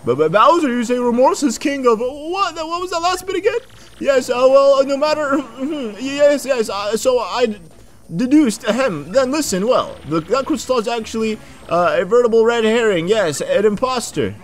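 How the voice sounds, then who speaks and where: A man's voice: very high-pitched, lively intonation, normal speed, voice pushed up. A man voicing a pompous, blustering male detective in a video game, stammering through his deductions. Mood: flustered.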